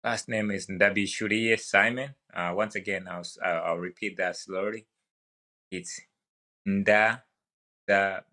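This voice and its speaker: Young man, African accent, low bright voice, relaxed halting storyteller. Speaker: guest, wildland firefighter. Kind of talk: casual podcast conversation.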